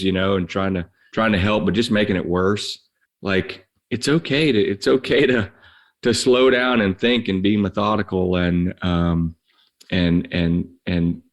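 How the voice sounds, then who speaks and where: A man co-hosting a faith-based podcast, encouraging and readily agreeing, talking about being a steady dad. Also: low voice. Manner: affirming, encouraging, quick agreement. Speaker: podcast co-host.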